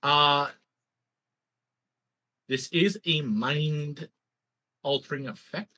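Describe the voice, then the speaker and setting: A man's voice: fairly high pitch, very slow, bright, forceful tone. A man running a tabletop game as game master, narrating scenes with a playful, teasing manner.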